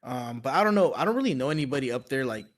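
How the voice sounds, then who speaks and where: A man's voice: medium pitch, animated, very fast. A man chatting casually on a livestream podcast, rambling and hesitant, filling every gap with like and bro.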